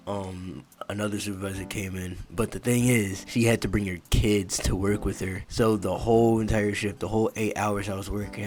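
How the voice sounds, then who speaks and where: Young man, casual storytime, laid-back and swearing, low monotone voice, faint music behind. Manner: laid-back, profane, full of fillers like "you know".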